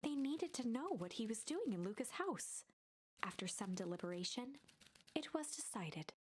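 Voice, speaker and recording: A woman streamer reading a visual novel aloud in hushed, whispered narration. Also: on the high side, sing-song, moderate pace, a little hiss or hum. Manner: hushed, breathy storytelling. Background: music.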